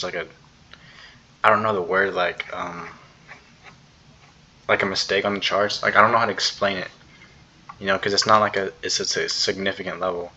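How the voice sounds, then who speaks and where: Here a young man with a low-sitting voice and a sharp tone rambles casually through his day of trading at the computer, full of fillers and slang. He's a day trader making a screen-recorded trade recap. The sound is somewhat dull, with faint background noise.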